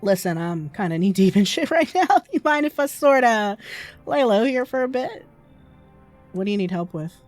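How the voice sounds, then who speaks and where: A woman voicing a slangy male drifter on the run, rough and folksy in manner. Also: mid-range voice, lively intonation, moderate pace, darkish tone, soft background music, lightly acted. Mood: pleading.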